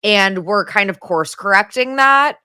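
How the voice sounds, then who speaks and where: A woman guest on a podcast with vocal fry, sounding sleepy and a bit sick, chatting in a laid-back, self-deprecating way. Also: medium pitch, animated, unhurried, bright, forceful tone, no room sound, studio quality. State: sleepy, getting a little sick. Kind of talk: casual podcast chat.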